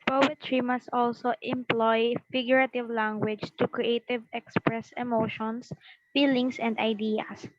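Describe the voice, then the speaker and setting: A young woman with a Filipino accent reads a passage aloud in class. Her voice is slightly high and very even in pitch. The sound is dull and dry, as if from across the room. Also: unhurried, a little hiss or hum. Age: young adult. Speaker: student.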